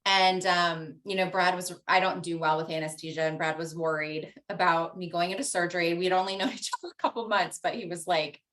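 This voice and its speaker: A woman speaking as a podcast guest, telling a personal story in a warm, chatty way. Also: fairly low pitch, steady tone, brisk, few pauses. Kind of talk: casual storytelling.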